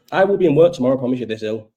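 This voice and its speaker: A man's voice: mid-range voice, darkish tone, lo-fi sound. A man hosting a casual livestream chat, rambling and swearing freely, ill and coughing. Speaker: live chat host.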